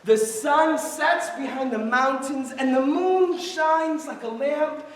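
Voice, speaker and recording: A man's voice: very high-pitched, slow pace. A man telling stories to children at a mosque family night, playful and theatrical, joking between the lines. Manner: playful, theatrical, mixing jokes into the story. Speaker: storyteller. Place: mosque hall. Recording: echoey hall from far off. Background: children in the audience calling out.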